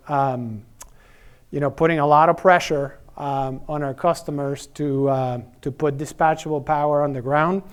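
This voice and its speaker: A man's voice: a little high, clear, resonant tone. A middle-aged man giving a conference presentation in a conversational way, with many fillers, repeated words and tag questions. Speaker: energy services executive presenting.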